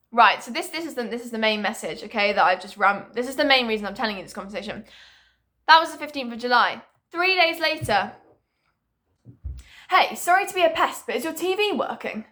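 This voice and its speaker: Bright, chatty young woman. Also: on the high side, moderate pace. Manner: chatty and animated, swears freely, laughs often. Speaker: vlogger. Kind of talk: casual storytime monologue.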